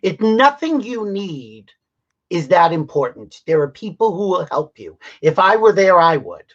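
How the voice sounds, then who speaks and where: A man's voice: high-pitched, sing-song, measured pace. A man hosting a live-stream talk show, chatting casually and speaking straight to his viewers in a reassuring way. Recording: dull lo-fi stream audio.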